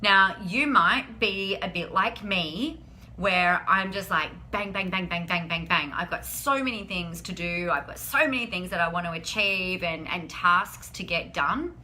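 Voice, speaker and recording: A woman's voice: fairly low pitch, measured pace, pushed and bright. A woman hosting a live stream, chatting in an upbeat, encouraging way and often saying "like". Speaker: host of a weekly live business show. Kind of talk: casual live-stream chat.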